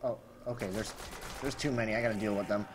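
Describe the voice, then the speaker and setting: A man's voice: fairly low pitch, fairly even intonation, fast, background noise. A man doing comedic gameplay commentary as a gaming YouTuber parody, overexcited and full of gasping exclamations, with sarcastic asides.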